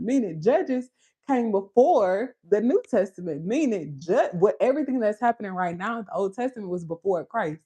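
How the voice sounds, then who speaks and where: A woman with a Caribbean Creole accent hosting a casual, animated Bible talk, with a husky voice and frequent laughter. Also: mid-range voice, moderate pace. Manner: animated, preachy, laughs often. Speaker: beauty channel host.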